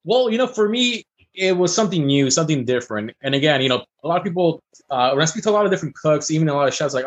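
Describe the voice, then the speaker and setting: A man who is a chef, chatting casually as a guest and telling stories in a fast, animated way. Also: a little high, breathy edge. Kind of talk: casual chat.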